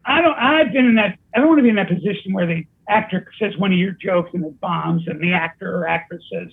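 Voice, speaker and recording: An older man, a comedy writer and guest, telling a lively anecdote and laughing at his own punchlines. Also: high-pitched, quick pace, creaky, slightly rough. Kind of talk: casual storytelling. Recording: tinny phone-like line.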